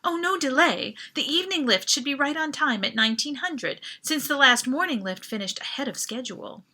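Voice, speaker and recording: A woman's voice: sits high, expressive, fairly quick, sharp tone, voice pushed up. A woman voicing an easygoing woman security guard who speaks in a breezy, reassuring way.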